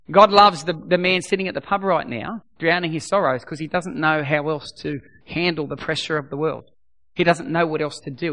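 A man's voice: a little high, sharp tone. A middle-aged man preaching a sermon in an earnest, conversational way, often repeating phrases for emphasis. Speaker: pastor.

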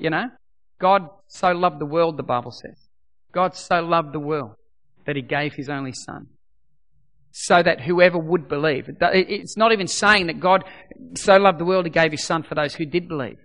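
Middle-aged male pastor, bright and slightly high voice, earnest conversational sermon. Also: moderate pace. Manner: earnest, conversational preaching with repetition.

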